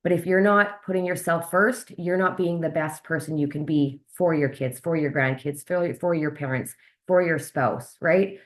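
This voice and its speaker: Brief: woman host on a video call, lower-pitched, upbeat, chatty, talks straight to viewers. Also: moderate pace. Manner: upbeat, chatty, questions the audience directly. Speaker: host of a wellness sales webinar. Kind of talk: live video call presentation.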